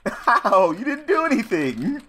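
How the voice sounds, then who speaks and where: A gaming channel host gives casual commentary over an online card game, muttering his moves to himself before laughing and ranting at an opponent who quit. His voice is high-pitched, bright and forceful, with huge pitch swings and a slightly slow pace.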